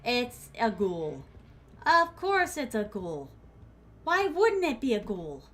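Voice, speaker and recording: High-voiced, animated woman streamer. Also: takes it slowly, slight background noise. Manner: animated, rambling storyteller, laughs often. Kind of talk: casual game-stream chatter.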